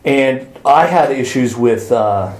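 A man's voice: medium pitch, lively intonation, takes it slowly, darkish tone. A man hosting a podcast who tells a personal story in a frank, laid-back way and laughs easily. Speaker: podcast host. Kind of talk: casual storytelling chat. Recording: roomy echo.

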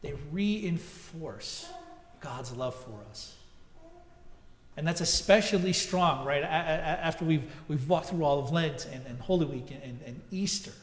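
Pastor preaching in an echoey church. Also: male voice, a little high, lively intonation, measured pace, a little hiss or hum. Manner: conversational storytelling with asides. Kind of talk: sermon.

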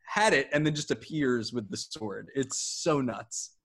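A man's voice: mid-range voice, lively intonation, unhurried, a bit bright. A man co-hosting a podcast, chatting casually and wryly about a TV episode, acting out characters' lines. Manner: wry, acts out characters' lines. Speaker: podcast co-host. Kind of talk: casual chat recapping a TV episode.

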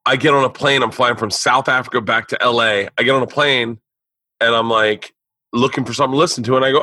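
A man hosting a podcast, telling a long story in an animated, profane way with plenty of restarts. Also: mid-range voice, fast talker, no echo, low-quality recording. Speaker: podcast host. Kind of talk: casual storytelling chat. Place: indoor home studio.

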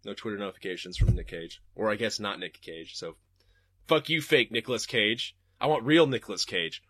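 A man's voice: lowish voice, brisk, fairly bright tone, no echo, clean studio sound. A man hosting a podcast and reading live chat, talking casually and profanely and laughing often.

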